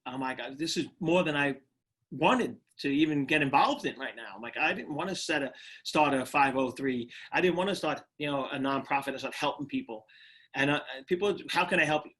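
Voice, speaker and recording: A man's voice: fairly high pitch, normal speed, a bit bright, husky. Guest, middle-aged New York man, casual storyteller who restarts and repeats himself. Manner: repeats words and restarts often, laughs easily. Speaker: guest, retired firefighter and motivational speaker.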